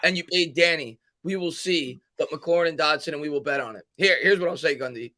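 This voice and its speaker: A man hosting a live sports stream. He reads viewer comments aloud and adds his own loose takes, full of hesitant fillers. His voice is bright and forceful. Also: a little high, brisk. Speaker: host.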